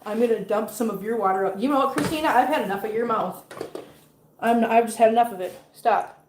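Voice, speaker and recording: Cooking in her home kitchen during a livestream, a woman keeps up casual chat, teasing her viewers and cooing at her cats. She talks fairly quickly in a fairly high voice, with reverb and background noise.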